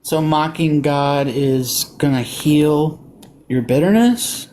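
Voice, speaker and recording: A man with a fairly high voice speaks up for his faith on a call-in debate. He is earnest and insistent, often quoting scripture. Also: slow, darkish tone. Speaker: Christian debater.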